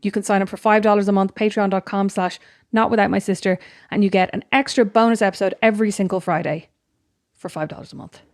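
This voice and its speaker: A woman's voice: mid-range voice, fairly even intonation, quick pace, no echo, studio quality. A young woman co-hosting a podcast, chatting casually with playful, teasing banter. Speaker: podcast co-host. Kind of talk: casual chat.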